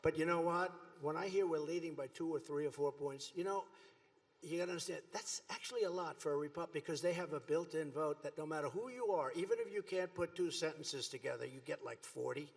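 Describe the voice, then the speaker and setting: Older American man, high-pitched, boastful rambling rally speech, long echoing reverb of a large hall. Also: fairly quick, creaky. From United States. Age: 70s. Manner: boastful, mocking, digressive. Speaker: political speaker at a rally. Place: large rally venue before a crowd.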